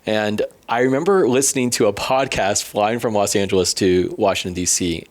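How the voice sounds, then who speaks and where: A man telling a long personal anecdote as a guest in a casual interview, in an animated, self-deprecating way. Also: on the low side. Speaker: business owner guest.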